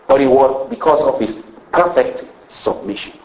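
A man's voice: medium pitch, normal speed, a little mellow, highs cut off. Man preaching with rising, swelling cadence. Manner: rising and falling preaching cadence, frequent "you know". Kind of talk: sermon.

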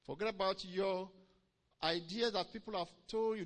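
A man preaching a sermon, swinging between loud emphatic lines and low quiet ones, drawing out key words and calling "Amen?" to the congregation. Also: fairly even intonation. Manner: drawn-out stresses on key phrases.

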